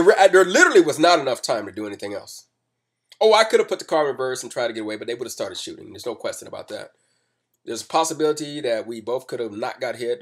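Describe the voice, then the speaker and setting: A man with a slightly husky, mid-pitched voice recounts a tense personal story. He speaks calmly and methodically, explaining each step as he goes. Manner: calm and measured, rising to loud reenactments. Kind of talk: spoken personal account, explanatory.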